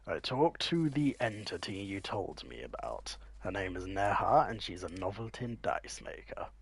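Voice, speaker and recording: A man's voice: deep voice, sing-song, moderate pace, slight background noise. A man playing a video game on stream, reading his choices aloud in a playful way and often dropping into a whisper. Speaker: gameplay streamer. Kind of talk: let's play commentary, reading choices aloud.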